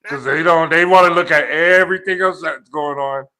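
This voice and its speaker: Guy chatting on a stream, bright voice, gets animated acting stuff out, lots of mm-hmms. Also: on the high side, moderate pace. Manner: animated, acts out quotes, frequent agreeing murmurs. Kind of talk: casual livestream chat.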